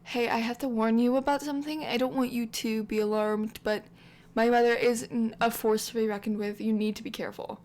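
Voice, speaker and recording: A woman's voice: on the high side, fairly even intonation, a little fast, darkish tone, lightly acted. A woman voicing a bitter, estranged grown daughter who speaks bluntly and indignantly, in a life-sim story narration. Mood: warning. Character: bitter estranged adult daughter, warning then scolding.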